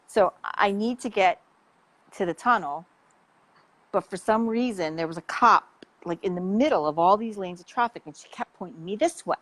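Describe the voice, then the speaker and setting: A woman health coach telling an animated, chatty story in casual conversation, with the odd swear word. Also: lowish voice, low-quality recording.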